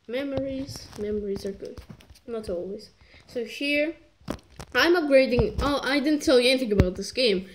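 A woman reviewing a strategy game in rambling, joking commentary that keeps interrupting itself. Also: a little high. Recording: noisy recording with clicks.

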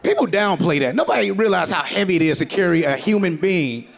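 A man's voice: high-pitched, big pitch swings, fairly quick, creaky, a little hiss or hum. A man in his forties doing stand-up on a theater stage, loose and profane, laughing through his lines. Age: 40s. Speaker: stand-up comedian. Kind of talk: stand-up comedy set.

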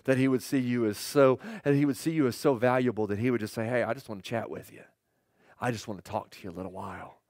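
In his sermon, the middle-aged pastor animates his stories by performing quoted voices, jumping up suddenly before dipping quietly. The pitch is medium, and the studio-quality recording has no echo.

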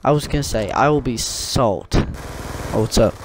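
A young man giving excitable, joking commentary over his own gameplay, trash-talking and yelping at sudden moments. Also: medium pitch, moderate pace. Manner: excitable, jokey trash talk with sudden yelps. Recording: faint gunfire and game noise. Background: gunfire from the game.

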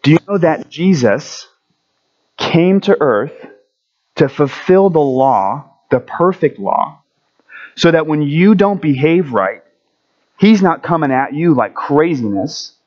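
A man giving a children's story at a church service, friendly and animated, asking the kids questions as he goes. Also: a little high, takes it slowly, lo-fi sound.

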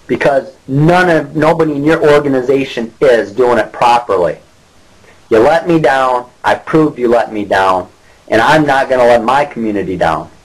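A man's voice: medium pitch, rough recording. A middle-aged man from Michigan, speaking straight to the camera in an angry rant, indignant and repetitive, full of rhetorical questions. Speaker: local whistleblower.

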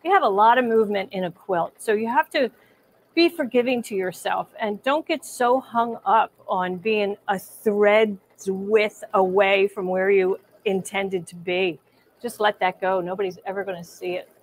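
A woman's voice: medium pitch, moderate pace, slight background noise. A middle-aged woman teaching machine embroidery in a live demonstration, chatty and reassuring, thinking aloud as she works.

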